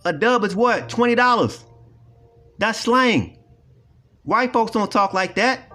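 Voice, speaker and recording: A man's voice: high voice, expressive, slow pace, pauses often, sharp tone, soft background music. A man ranting in a video commentary, profane and repetitive as he lectures emphatically. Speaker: online commentator.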